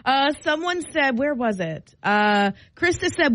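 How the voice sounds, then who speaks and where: Expressive East Coast woman on radio. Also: fairly high pitch, normal speed, no room sound. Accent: New York. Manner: expressive, exclaims and laughs often. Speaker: radio morning show co-host. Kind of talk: casual radio banter. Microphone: studio mic.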